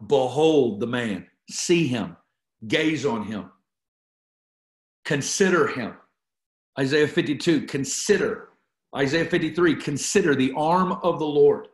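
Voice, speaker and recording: A man's voice: a little high, takes it slowly, pauses often, roomy sound. A man teaching a Bible study, reading scripture aloud and preaching on it with repeated phrases for emphasis. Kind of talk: teaching sermon.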